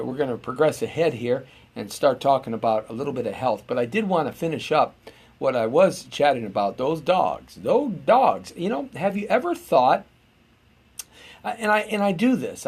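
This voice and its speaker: A man's voice: mid-range voice, darkish tone, breathy edge. A middle-aged American man hosting a live-streamed show, rambling in a chatty, meandering way with lots of filler words and restarts. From United States. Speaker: host.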